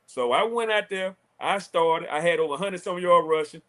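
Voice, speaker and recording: Animated storytelling man. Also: high-pitched, fairly quick, hardly any pauses. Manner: animated, laughing storyteller acting out quotes. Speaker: former college quarterback, guest. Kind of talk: casual storytelling on a talk show.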